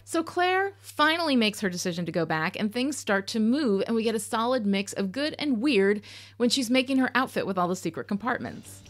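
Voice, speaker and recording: A woman's voice: on the high side, animated, a little fast, faint music behind. Sarcastic, candid woman podcast host. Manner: candid and sarcastic, with casual swearing. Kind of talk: podcast commentary on a TV episode.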